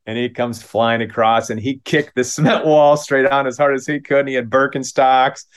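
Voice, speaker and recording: Middle-aged male storyteller from Minneapolis; halting, self-deprecating delivery, average pitch. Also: fairly even intonation, clean tone. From Minneapolis, United States. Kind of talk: live comic storytelling.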